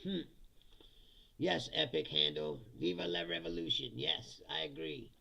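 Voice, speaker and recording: A man on a live-stream giving a profane, blunt rant, laughing often between remarks. His voice is heavily gravelly and sharply bright, with a husky edge. His pitch sits a little high for a man. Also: sing-song, measured pace. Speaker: live-stream commentary host. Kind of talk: casual ranting live-stream commentary.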